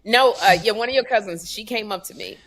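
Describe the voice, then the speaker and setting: A woman co-hosting a comedy podcast, an animated storyteller who acts out the voices of others. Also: mid-range voice, a little fast. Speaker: co-host. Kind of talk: casual comedic chat.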